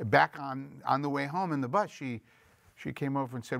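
A man's voice: mid-range voice, moderate pace, creaky, fairly bright tone, no echo. A man, a film director, telling stories in an interview in a reflective way and acting out quoted voices. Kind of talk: storytelling interview.

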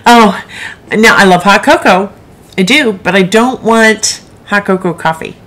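A woman's voice: medium pitch, unhurried, fairly bright tone. Chatty, frank middle-aged woman. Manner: chatty, frank, rambling asides. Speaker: author hosting a live broadcast. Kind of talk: casual livestream chat.

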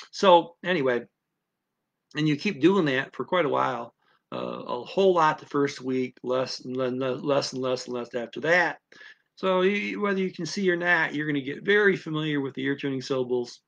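A man's voice: medium pitch, vocal fry, a bit bright, dull audio. A man giving a casual spoken lesson on learning a language, rambling with many restarts.

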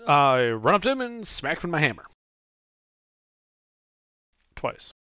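Male player, somewhat high and lively voice, short plain turns, dry sound. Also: fairly quick, smooth, no echo. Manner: short, plain statements of his actions. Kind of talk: playing a tabletop game.

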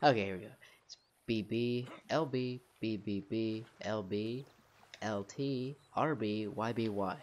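There's slight background noise as a young man, speaking a little slowly in a lowish voice, casually comments on the video game he's playing. Game music runs behind his narration of his moves, and he swears when things go wrong.

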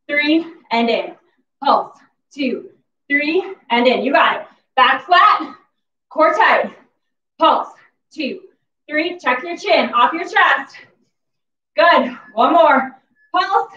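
A woman's voice: high voice, fairly bright tone. A woman fitness instructor coaching a workout class, out of breath, calling cues and cheering with whoops. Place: exercise facility gym. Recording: echoey gym from far off, dull sound.

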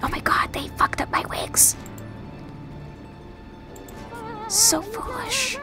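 A woman in whispered role-play, voicing a small frightened firefly creature that pleads and cries out in a breathy, high whisper. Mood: remorseful.

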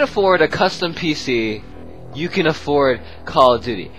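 A man's voice: a little high, animated, normal speed, a bit bright. A young man recording a let's play, rambling goofily and talking straight to his viewers. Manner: goofy, rambling, talks to viewers. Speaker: gaming video host. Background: game music.

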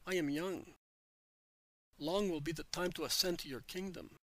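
A man voicing a gentle spiritual teacher in a storybook reading, speaking calmly and measuredly. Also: a little high, normal speed, dry recording, rough recording. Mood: tender.

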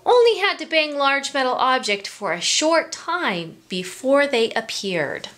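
Expressive, sing-song woman reading to children. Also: high-pitched, unhurried, background noise. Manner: expressive, sing-song, asks listeners questions. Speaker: story time reader. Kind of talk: reading a picture book aloud to children.

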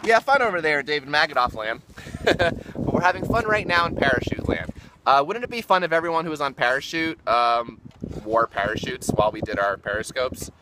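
A man's voice: fairly high pitch, lively intonation, a little fast, background noise. Goofy man hosting a livestream. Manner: goofy, playful, bouncing between silly voices. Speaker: livestream host. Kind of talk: improvised comic livestream banter. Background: loud ukulele.

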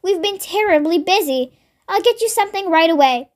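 A child with a very high, animated voice reads aloud fairly quickly, voicing a frantic, fussing mother in her forties. The panicky character shrieks and wails.

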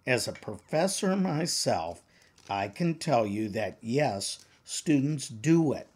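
A man's voice: mid-range voice, very animated, slow pace, darkish tone, slightly rough. An older man, a professor and exam-prep author, lecturing earnestly and emphatically to counseling exam takers.

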